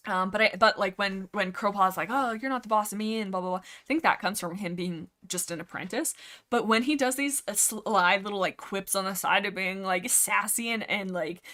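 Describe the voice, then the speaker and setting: A woman's voice: mid-range voice, normal speed, sharp tone. A young woman hosting a livestream, chatting casually about a book series in a rambling way, full of fillers, restarts and side comments. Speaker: livestream host.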